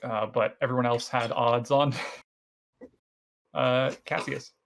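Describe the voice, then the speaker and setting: A man narrating a tabletop game as dungeon master in a relaxed, conversational way. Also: medium pitch, slow pace, gravelly.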